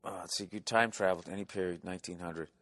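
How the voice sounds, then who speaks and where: A man's voice: low voice, fairly even intonation, quick pace, a bit bright, no room sound. A man hosting a podcast in casual chat, skeptical and teasing, and he swears freely. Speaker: podcast host.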